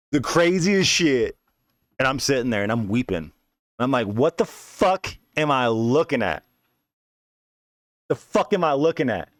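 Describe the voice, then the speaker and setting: A young man with a drawl talks through a personal story on his podcast, cursing and circling back on himself. His voice sits at an ordinary middle pitch. The sound is close and dry, with no room behind it. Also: dry recording. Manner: animated, profane, rambling with restarts. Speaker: podcast host. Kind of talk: casual storytelling monologue.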